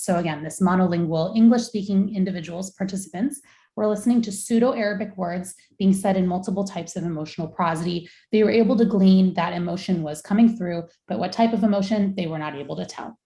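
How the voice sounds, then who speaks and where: Young adult woman researcher, low gravelly voice, measured academic lecture delivery, echoey room. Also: mellow. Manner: measured, explanatory. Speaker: researcher giving a talk.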